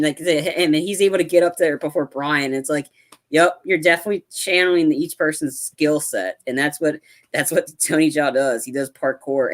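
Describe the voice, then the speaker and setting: Animated man retelling a movie. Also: fairly high pitch. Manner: animated retelling, acts out quotes, lots of fillers. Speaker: podcast co-host. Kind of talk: casual movie review chat.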